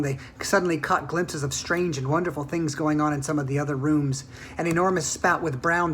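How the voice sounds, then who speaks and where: A woman reading a children's book aloud in an animated, expressive way. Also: sits low, a little hiss or hum. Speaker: storyteller.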